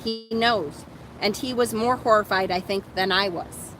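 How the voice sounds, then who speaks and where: A woman's voice: medium pitch, a little slow, over music, lightly acted, low-quality recording. A woman reading aloud the lines of an upset young priestess in a storybook, in a strained, insistent manner. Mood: tense.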